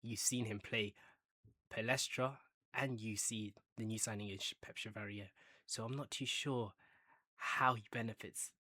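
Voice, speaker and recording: A man's voice: fairly low pitch, a little slow, dry recording. Guy ranting about his team's players, hyped up and jokey, dry close sound. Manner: animated, banter-heavy, bursts of hype. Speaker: football fan channel host. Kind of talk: casual football chat.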